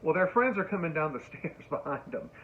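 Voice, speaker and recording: A man giving a casual lecture on film, telling stories and acting out lines with sudden loud bursts. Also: fairly high pitch, brisk. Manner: animated storyteller, acts out quotes with sudden loud squeals. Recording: tinny phone-like sound.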